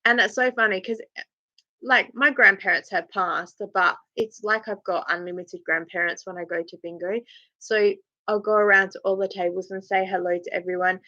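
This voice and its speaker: A woman's voice: mid-range voice, fairly even intonation, moderate pace, pushed and bright, no room sound, muffled recording. An Australian woman in her forties hosting a casual live chat, telling stories with frequent laughter. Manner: chatty storytelling, laughs often, acts out voices. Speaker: live-stream host.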